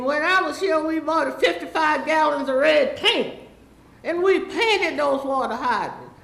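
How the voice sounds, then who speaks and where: A woman's voice: high-pitched, lively intonation, measured pace, creaky, a bit bright, reverberant, rough recording. A woman, rambling and pleading through a public comment at a city council meeting. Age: 80s.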